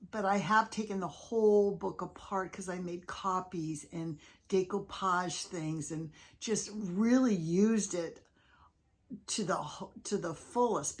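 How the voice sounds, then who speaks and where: A woman hosting a casual crafting vlog, chatty and enthusiastic as she shows off her handmade pieces. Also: on the low side. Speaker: craft video host.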